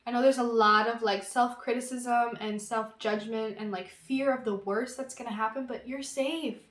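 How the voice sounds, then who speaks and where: A woman giving an intuitive tarot reading, talking in a gentle, reassuring and casual way with lots of fillers. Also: on the high side, echoey room. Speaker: tarot reader.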